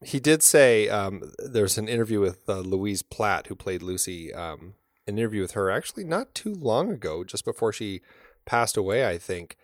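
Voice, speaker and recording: Low-voiced guy rambling about a movie, lots of ums and restarts, dry close sound. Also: animated, moderate pace, dry recording. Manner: thoughtful, rambling with many fillers and restarts. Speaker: podcast co-host. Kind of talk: casual film discussion.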